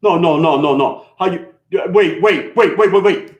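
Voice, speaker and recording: A guy doing a loud pushy new york city wiseguy, thick accent, echoey room. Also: close to an everyday voice. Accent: exaggerated New York City. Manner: pushy, rapid-fire and high-pitched.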